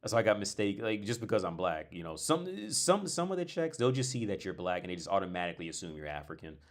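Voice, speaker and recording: A man with a very deep voice chats casually on a livestream, drifting from story to story. He restarts his sentences often and drops blunt, profane asides. He sounds like a young adult from North America. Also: big pitch swings, fast talker. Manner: rambling, digressive storytelling with frequent restarts. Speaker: livestream host. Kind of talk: casual chat.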